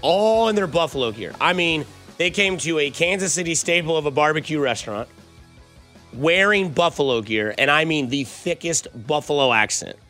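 A man's voice: a little high, lively intonation, moderate pace, pushed and bright, soft background music. A young man hosting a sports radio show, chatting and telling rambling stories in a casual way. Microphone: studio microphone.

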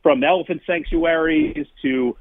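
A man's voice: on the high side, unhurried. A man from New Jersey, a food-challenge TV host, chatting as a guest on a call, chatty and self-deprecating, laughing often. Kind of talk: casual interview chat. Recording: tinny phone-line call.

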